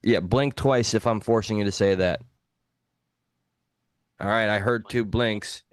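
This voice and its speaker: Male co-host, lower pitch, dry and close, teasing wit. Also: fairly even intonation, unhurried, clear, resonant tone, no echo. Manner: teasing, wisecracking. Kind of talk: casual call-in show banter.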